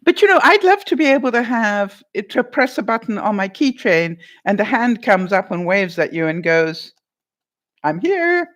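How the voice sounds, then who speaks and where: A woman's voice: mid-range voice, lively intonation, normal speed, few pauses, fairly bright tone. A middle-aged woman vlogger chatting casually with her live chat, reading out comments, laughing often and acting out little voices.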